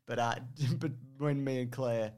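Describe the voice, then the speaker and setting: A man's voice: mid-range voice, fairly even intonation, a little slow, a little mellow, clean tone. A man co-hosting a podcast, jokey and sweary, bantering in casual chat. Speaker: podcast co-host.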